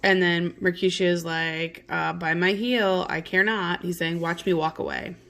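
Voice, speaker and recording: A woman's voice: fairly low pitch, fairly even intonation, normal speed, gravelly, a bit bright, slight background noise. A woman teacher reading a play aloud to a class and explaining the lines in plain modern words, chatty and full of okays. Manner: chatty, many fillers and okays. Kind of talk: casual read-along lesson.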